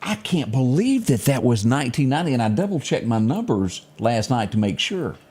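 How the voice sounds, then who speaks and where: A man in his fifties hosts a casual talk show in a joking, folksy manner. His pitch swings widely as he riffs on old movies and TV. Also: big pitch swings, brisk, darkish tone, husky. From Mississippi. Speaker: host. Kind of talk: casual radio chat.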